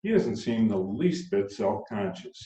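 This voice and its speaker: A man, the author, reading his own novel aloud calmly and unhurriedly, with brief asides. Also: lowish voice, measured pace, slight background noise. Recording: roomy, dull sound from far off.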